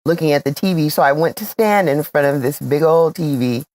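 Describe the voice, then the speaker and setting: A woman co-hosting a casual chat, telling a personal story in a measured, reflective way. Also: sits low, a little mellow. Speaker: podcast co-host.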